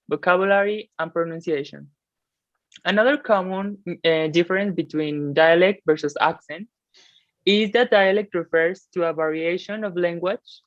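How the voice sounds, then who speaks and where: A woman's voice: on the low side, no room sound. Careful, dry-sounding woman interviewer. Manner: reads questions carefully, with small restarts. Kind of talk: classroom interview in English. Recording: dull lo-fi recording.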